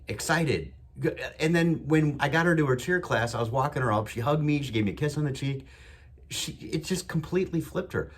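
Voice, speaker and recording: A man's voice: mid-range voice, slightly rough. A man hosting his own show, talking in an enthusiastic, emphatic motivational monologue with a lot of repetition. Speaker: podcast host.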